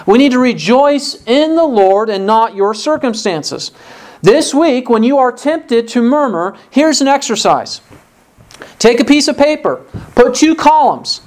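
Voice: mid-range voice, animated, a little slow. Earnest preacher firing off rhetorical questions. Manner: acts out complaining voices in quotes. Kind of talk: sermon.

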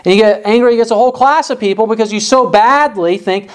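A woman's voice: on the high side, quick pace. A woman teaching a Bible sermon, earnest, acting out quoted lines as she goes.

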